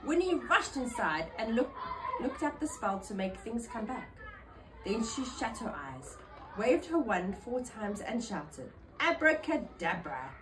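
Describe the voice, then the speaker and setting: A woman reads a children's picture book aloud, her pitch a touch high and bouncing expressively from line to line. Her storytelling is animated, with faint background noise. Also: unhurried.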